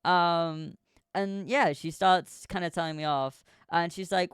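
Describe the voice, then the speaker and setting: A young adult streamer rambles loosely through a long story in casual chat, with plenty of fillers and the occasional swear. The smooth, clear voice sits at a middle pitch with fairly even intonation and a fairly bright tone, a little slow, recorded dry and close to the mic.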